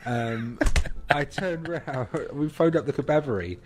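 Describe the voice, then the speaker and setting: A man's voice: mid-range voice, animated, measured pace, background noise. An English man co-hosting a podcast, telling a rambling, sweary anecdote and acting out other people's voices. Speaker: podcast co-host. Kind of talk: casual storytelling chat.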